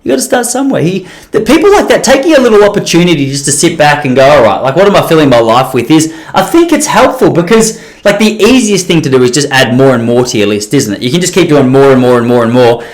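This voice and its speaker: A man's voice: on the high side, big pitch swings, quick pace, hardly any pauses. A man hosting a solo podcast, rambling and self-deprecating, with many restarts. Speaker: podcast host.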